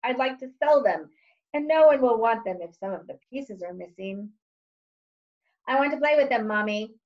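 A woman's voice: on the high side, animated, normal speed, highs cut off. A woman reading her own book aloud in a wry, sarcastic, exasperated tone. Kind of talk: audiobook-style reading.

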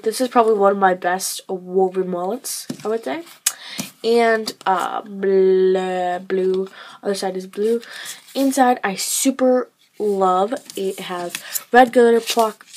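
A woman's voice: mid-range voice, a little hiss or hum, poor audio. A tired teenage girl talking casually as she shows off her handmade duct tape wallets, chatty and full of fillers. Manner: chatty, filler-heavy, trailing off. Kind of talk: casual show-and-tell vlog.

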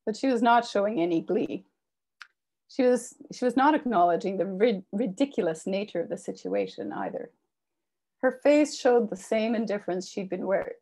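A woman author reading a personal memoir aloud with expressive delivery. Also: medium pitch, gravelly. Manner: expressive reading, raises voice for quoted shouts. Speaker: author reading her work.

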